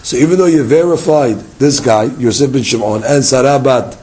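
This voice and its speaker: A man's voice: medium pitch, moderate pace, husky, poor audio. A man teaching a Talmud lesson, acting out little dialogues and firing rhetorical questions at his listeners. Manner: lively, acts out dialogue and fires rhetorical questions.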